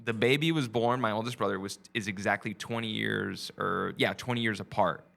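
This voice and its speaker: A man, a comedian guest from Texas, telling a family story in casual, animated chat. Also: on the low side, brisk, gravelly. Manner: animated, acts out quoted voices.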